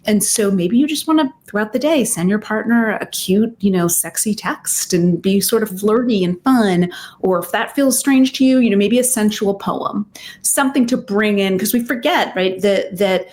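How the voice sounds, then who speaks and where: Animated woman giving relationship advice. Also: medium pitch, normal speed. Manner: animated, uses many fillers and acted-out quotes. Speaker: psychotherapist and relationship expert guest. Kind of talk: conversational advice interview.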